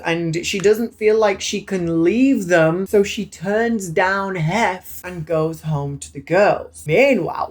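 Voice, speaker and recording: A young man with a British accent, recapping a film in a sassy, camp, swearing manner. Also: sits high. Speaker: film reviewer. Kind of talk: casual movie recap.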